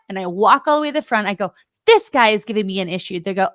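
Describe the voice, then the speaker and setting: Animated woman telling a story. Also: medium pitch, quick pace, no room sound. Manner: animated storyteller who acts out both sides of an argument. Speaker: podcast co-host. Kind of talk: casual storytelling chat.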